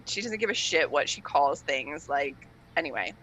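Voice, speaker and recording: A young woman in casual chat, telling animated stories, acting out quotes and laughing often. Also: low-pitched, moderate pace, a little hiss or hum, poor audio. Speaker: guest.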